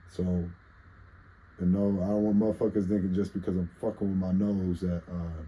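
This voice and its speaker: A man with a low, very mellow voice, husky and nasal from allergies. He tells a casual storytime monologue that wanders and stays profane. He keeps interrupting himself to comment on his own tangents. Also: flat delivery, moderate pace, poor audio. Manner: rambling, profane, self-interrupting. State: congested with allergies. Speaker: vlogger telling stories.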